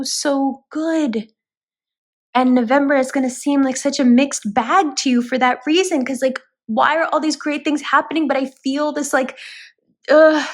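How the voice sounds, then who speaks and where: A woman giving a spoken tarot reading, talking straight to her viewers in an earnest, reassuring way. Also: high voice. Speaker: tarot reader.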